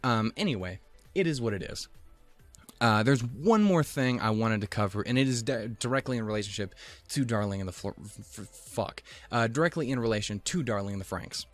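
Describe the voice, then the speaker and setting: A young man talks casually to his anime viewers in a fairly low voice. He rambles, swears freely and laughs at his own mistakes, sounding a bit out of breath. Soft music plays faintly underneath. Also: animated, a little fast. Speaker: anime reaction channel host. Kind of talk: casual chat.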